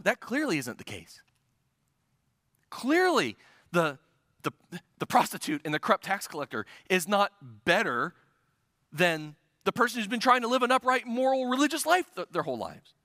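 Male pastor, sermon, high voice, bright tone, earnest, emphatic, repeats words, dry close sound. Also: no room sound. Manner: earnest, emphatic with many restarts.

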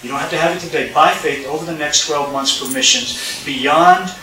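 A man's voice: on the high side, normal speed. A man preaching a sermon, telling a story and acting out its dialogue to the congregation. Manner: animated, acts out dialogue, addresses congregation. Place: church sanctuary. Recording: roomy sound from a distant mic.

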